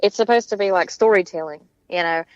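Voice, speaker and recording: A woman's voice: fairly low pitch, fast, no echo. A woman, a guest chatting candidly and laughing often. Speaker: guest musician. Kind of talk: casual chat. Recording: dull, dry, lo-fi line.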